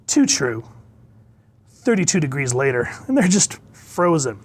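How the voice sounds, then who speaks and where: A man in a casual comic book review, rambling and chuckling, pausing to look things up, and openly enthusiastic about the storytelling. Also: fairly high pitch, big pitch swings, a little mellow.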